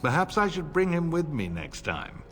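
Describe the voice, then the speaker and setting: An actor playing an older noble vassal lord in a fantasy game, formal, polite and deferential. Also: male voice, a little high, sing-song, normal speed, a bit bright. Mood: courtly. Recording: game audio with reverb.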